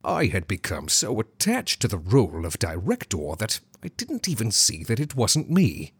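Narrator playing a sheepish man, low quiet voice, husky, dry. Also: wildly swooping pitch, normal speed, dry recording, exaggerated voice. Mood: relieved. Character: grown man, sheepish and relieved.

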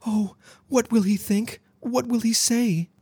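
A woman's voice: low voice, big pitch swings, moderate pace, darkish tone, breathy edge, no room sound, studio quality, pitched above the performer's own voice, exaggerated voice. A reader voicing an anxious young woman who frets and whimpers in exaggerated fear. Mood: fearful.

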